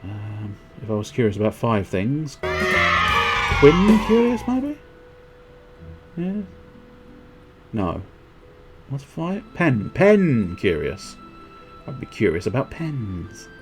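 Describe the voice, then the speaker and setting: A man chatting to himself while streaming a video game, in rambling, quiet, self-amused asides. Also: on the low side, wildly swooping pitch, slow, pauses often, faint music behind. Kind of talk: casual game commentary.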